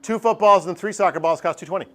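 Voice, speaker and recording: A man teaching math in a classroom, pitched a touch high. He jokes with his students and keeps the lesson lively and direct. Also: quick pace. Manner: lively, joking, talks straight to students.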